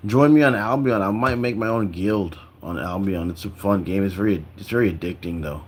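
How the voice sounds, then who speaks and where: A man's voice: on the low side, brisk, breathy edge. A young man chatting casually on a livestream, rambling and tired, filling his talk with "like" and restarts.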